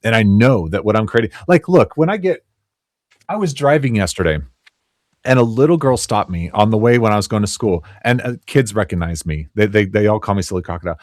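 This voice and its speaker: A man in his forties, an interview guest who tells earnest, animated stories about his work and often repeats words when he gets excited. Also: lowish voice, brisk, no echo, studio quality. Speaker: interview guest, children's cartoon creator. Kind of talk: casual interview storytelling.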